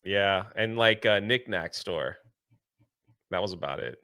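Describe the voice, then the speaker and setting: Bright-voiced wistful man. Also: sits low, animated, a little slow. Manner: wistful, self-pitying storyteller. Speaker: podcast co-host. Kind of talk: casual chat.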